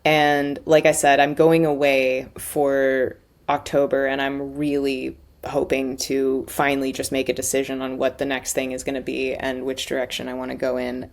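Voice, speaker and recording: A woman author and audiobook narrator chatting casually as a podcast guest, thoughtful and full of restarts. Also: extremely low pitch.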